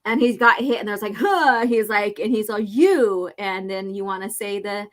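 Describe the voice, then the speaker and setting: A woman's voice: medium pitch, flat delivery, fairly quick. A woman co-hosting a casual chat, reading a comic aloud, laughing often and acting out quoted lines. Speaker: podcast co-host.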